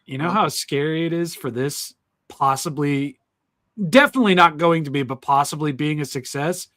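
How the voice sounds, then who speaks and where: A man's voice: on the high side, fairly bright tone, no echo, studio quality. A man co-hosting a casual podcast, frustrated, stammering and swearing. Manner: halting, profane, frustrated. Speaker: podcast co-host. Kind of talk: casual chat.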